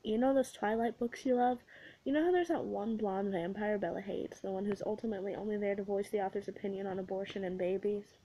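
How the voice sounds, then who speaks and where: A woman's voice: mid-range voice, steady tone, brisk, mellow, natural voice, poor audio. A woman voicing a blunt, foul-mouthed young woman roommate who mocks her friend. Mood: mocking.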